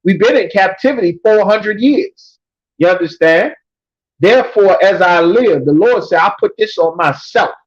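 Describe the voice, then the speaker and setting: Guy preaching scripture in a high voice, pushy and emphatic, muffled lo-fi audio. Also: expressive. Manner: emphatic, often asks "you understand?"; reads verses slowly, then explains in street talk. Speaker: scripture class teacher. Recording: dull lo-fi recording.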